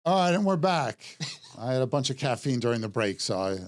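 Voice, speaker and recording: Man hosting, jokey upbeat quick asides, dry studio sound. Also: medium pitch, sing-song, dry recording. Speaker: podcast host. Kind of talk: casual market talk show.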